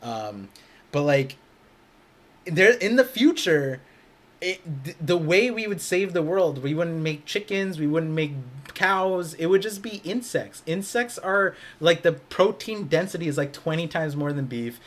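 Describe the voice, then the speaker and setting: A man's voice: fairly high pitch, lively intonation, a little slow. A young man co-hosting a podcast in casual chat, rambling with many restarts and fillers. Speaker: podcast co-host.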